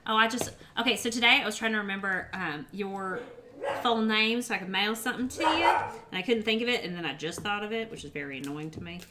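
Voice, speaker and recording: A woman's voice: mid-range voice, brisk. A woman, chatting casually and giggling with her viewers as she cooks in her home kitchen. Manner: chatty, giggly, rambling, talks to viewers while cooking. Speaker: cooking livestreamer. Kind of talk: casual cooking livestream chat. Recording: loud background noise.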